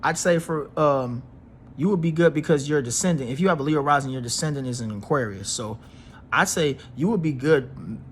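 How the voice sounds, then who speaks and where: A man with an average-pitched voice gives an astrology reading straight to his viewers. He talks in an emphatic, preachy way, repeating himself and using slang. A faint hiss sits under the recording. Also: fairly quick. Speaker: astrology reader. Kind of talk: casual astrology reading to camera.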